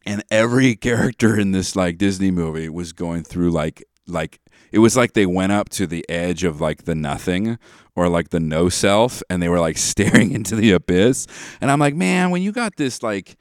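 A man's voice: low-pitched, normal speed, no room sound. Dry-voiced man rambling in casual talk. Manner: animated, rambling with many fillers, acts out lines. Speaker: podcast host. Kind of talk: casual monologue.

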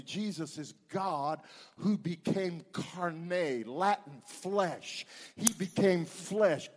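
A man preaching a sermon as pastor, dramatic, swinging between loud and hushed delivery. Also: sits high. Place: church sanctuary. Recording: long reverb from a church hall.

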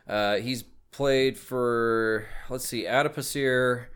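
A man's voice: medium pitch, fairly even intonation, slow pace, a bit bright, clear, resonant tone. A man guesting on a podcast as a musician, explaining his band in an easygoing way with fillers. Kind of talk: casual podcast interview.

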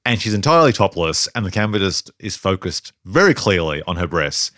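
Low-voiced man in casual film chat. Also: a little fast, no room sound, clean studio sound. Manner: animated, thinks aloud, laughs often. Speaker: podcast co-host.

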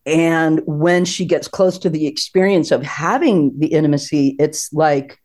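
A woman guest on a podcast, telling a personal story in an animated, expressive way and laughing often. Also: deep voice, a little slow.

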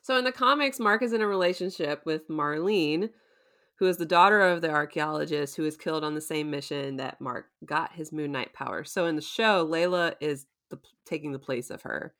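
A woman's voice: sits low, a little fast, fairly bright tone. A woman hosting a casual podcast, chatty and laughing often as she recaps a show and acts out quotes. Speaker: podcast host.

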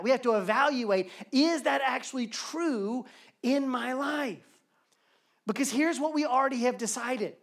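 A man's voice: very high voice, lively intonation, normal speed. Earnest male pastor preaching live. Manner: earnest, building through repetition. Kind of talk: sermon. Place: church sanctuary, live service.

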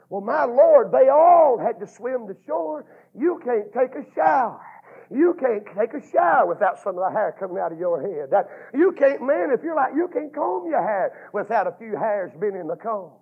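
A man preaching a fervent sermon, chanting his phrases with drawn-out "uh"s and building to shouts. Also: high voice, animated, vocal fry, breathy edge. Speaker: Baptist preacher. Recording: tinny, phone-like lo-fi sound.

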